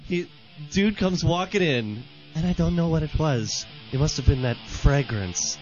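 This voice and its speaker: A man co-hosting a podcast in casual chat, excitable and gushing as he talks. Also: a little high, a little slow. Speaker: podcast co-host. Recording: dull lo-fi podcast audio with faint music.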